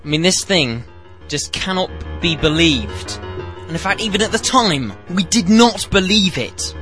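High, bright comedy host. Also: male voice, expressive, a little slow, soft background music. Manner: mocking, breaks into silly high put-on voices. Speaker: radio show host. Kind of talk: comedic radio monologue.

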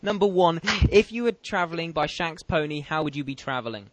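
Brief: young British male radio host, fairly high voice, dry close sound, jokey and insulting in a playful way. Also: lively intonation, fairly quick, no echo. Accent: British English. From Britain. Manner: teasing, mock-insulting, laughing often. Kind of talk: comedic radio quiz banter.

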